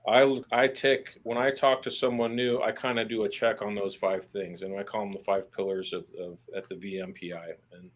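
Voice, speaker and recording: Earnest low-voiced man in interview. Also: little pitch movement. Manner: earnest, plain-spoken, casual swearing; halting restarts when stressing a point. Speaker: army veteran guest. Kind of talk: candid podcast interview conversation.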